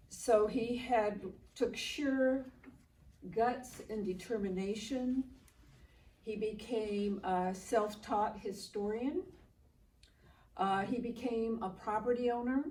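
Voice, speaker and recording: An older woman speaks slowly and earnestly at a memorial ceremony and tells family stories in plain words. Her voice sits back from the microphone in a roomy space. A faint hum of ambience runs underneath. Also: mid-range voice, mellow. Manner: slow, earnest storytelling with quoted dialogue. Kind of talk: heartfelt speech at a public ceremony. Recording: roomy, distant mic with faint background noise.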